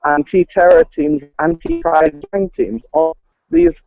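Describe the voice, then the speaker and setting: A man's voice: high voice, very animated, a little slow, vocal fry, a little mellow, dry recording, highs cut off, faint music behind. A man giving a live street report over a mobile stream, hesitant and full of fillers. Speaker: field reporter. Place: city street outdoors. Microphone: phone over a mobile stream.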